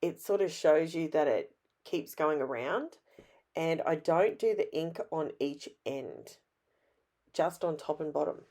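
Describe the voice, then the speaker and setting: A middle-aged Australian woman with a hoarse, raspy voice, chatting in a rambling, self-deprecating way as she narrates her scrapbooking. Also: sits low, lively intonation, a little slow, warm tone. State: hoarse from illness. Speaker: scrapbooking vlogger. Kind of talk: casual voice-over narration.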